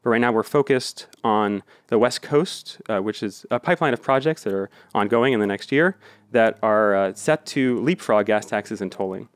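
A man with an American accent pitching his startup in a measured way, with some ums. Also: smooth, no echo.

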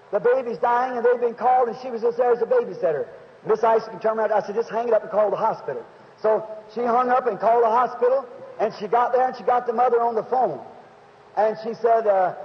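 A man preaching an emotional sermon, stretching his exclamations out. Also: extremely high pitch. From United States. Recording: dull, hissy 1950s tape in a long-reverb hall.

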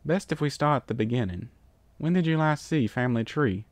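A man's voice: expressive, a little fast, dry recording, lightly acted. A man doing a terse Australian pony detective. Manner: terse, low-voiced.

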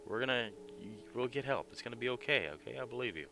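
A man voicing a remorseful young man who speaks softly and soothingly, with game music underneath. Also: mid-range voice, animated, fast talker, gravelly, pitched above the performer's own voice.

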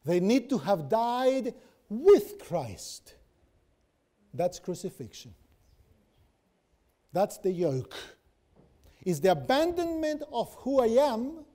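Male pastor, sermon, high mellow voice, asks the room questions constantly. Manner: storytelling with many rhetorical questions to the audience.

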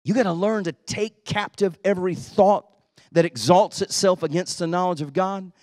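Male pastor, fairly high voice, emphatic sermon delivery moving between soft and loud, dry close sound. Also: moderate pace, no room sound. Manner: emphatic preaching, swings between quiet and loud. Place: church.

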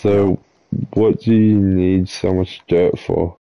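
Low-voiced man teasing while gaming. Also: little pitch movement, takes it slowly, gravelly, mellow, clean tone. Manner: teasing, laughs often. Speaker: streamer. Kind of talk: casual gaming chat.

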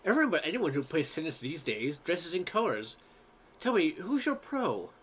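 A man's voice: on the high side, very animated, normal speed, a bit bright, breathy edge, heavily acted. A man voicing a haughty, condescending wealthy woman tennis player in a read-aloud story. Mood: snooty.

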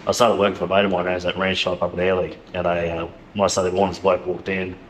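A low-voiced Australian man hosts a podcast, rattling through matey chat full of swearing. He talks quickly. His voice echoes around the room, with faint ambience underneath. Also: level tone, a little hiss or hum. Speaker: podcast host. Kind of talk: casual chat.

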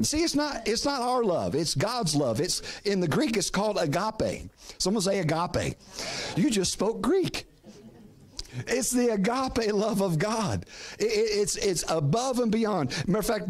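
A middle-aged man preaching a sermon as pastor, calling on the congregation to repeat words, often restarting phrases. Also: sits high. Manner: preaching with call-and-response prompts to the congregation.

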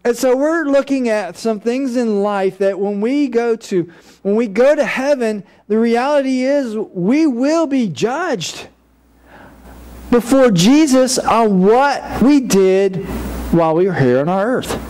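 A man's voice: very high-pitched, lively intonation, takes it slowly, a little mellow. A male pastor preaching a sermon in a folksy, conversational way, with frequent restarts and casual asides. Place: church.

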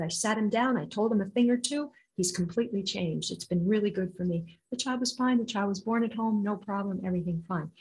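Animated woman telling healing stories. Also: mid-range voice, rough recording. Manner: animated, acts out quoted voices. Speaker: intuitive healer guest. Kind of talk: storytelling interview answer.

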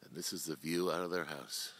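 A man narrating a casual home video outdoors, relaxed and admiring, with a few halting restarts and a little out of breath. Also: extremely low pitch. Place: outdoors on a country property.

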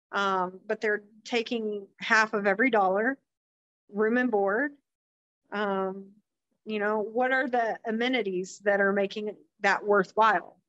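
A woman in her thirties talks slowly and deliberately as an interview guest, pausing often with ums. Her voice sits a bit high, and the recording is dry and a little dull, like lo-fi audio. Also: a bit bright, no echo. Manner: measured, many ums and you-knows. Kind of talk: casual interview talk. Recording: slightly dull lo-fi sound.

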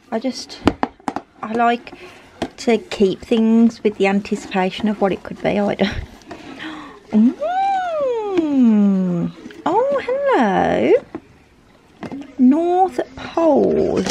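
A woman's voice: medium pitch, vocal fry, very noisy. A woman filming a casual family vlog at home, chatty and self-mocking, laughing often. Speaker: family vlogger, mother. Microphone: compact camera's built-in mic.

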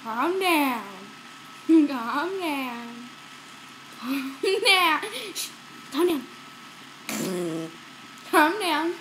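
High-voiced girl coaxing her playful dog. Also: animated, extremely slow, pauses often, fairly bright tone, rough recording. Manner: playful, coaxing, repeats soothing phrases. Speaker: pet owner filming her dog. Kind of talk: casual talk to a pet. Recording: home video with clear background noise.

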